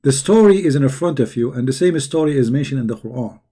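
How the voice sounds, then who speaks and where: Combative, mocking man with a mellow voice. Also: mid-range voice, lively intonation, fast talker, breathy edge. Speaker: religious debate host. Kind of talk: live online debate commentary.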